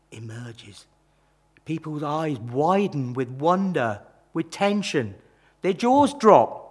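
A man preaching a sermon, retelling a Bible story with dramatic rises and hushed drops. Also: breathy edge. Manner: dramatic, rises and falls in pitch and loudness.

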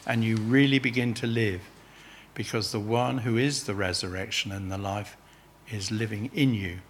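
A man's voice: lowish voice, normal speed, a little hiss or hum. A man preaching a sermon, earnestly pressing his listeners with urgent questions.

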